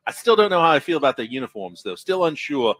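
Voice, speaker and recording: A man's voice: a little high, very animated, fast, fairly bright tone, dry recording. A man doing a comic impression of an upbeat Australian ballplayer, with an exaggerated Australian accent and a chirpy, playful delivery. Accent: put-on Australian. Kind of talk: comic impression on sports radio.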